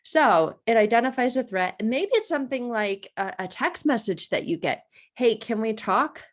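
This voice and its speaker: A woman's voice: on the high side, big pitch swings. Conversational woman explaining to camera. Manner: conversational, acts out inner reactions with quick voice shifts. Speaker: trauma educator. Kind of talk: explanatory video lesson.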